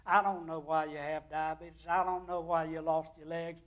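A preacher voicing a sweet, naive young nurse. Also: male voice, fairly high pitch, little pitch movement, normal speed, lightly acted. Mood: earnest. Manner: earnest, pleading.

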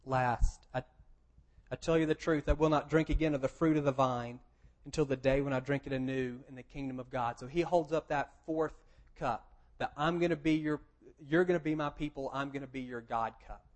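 A man's voice: medium pitch, steady tone, moderate pace. A man preaching a sermon, explaining plainly and quoting scripture with emphasis. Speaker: pastor.

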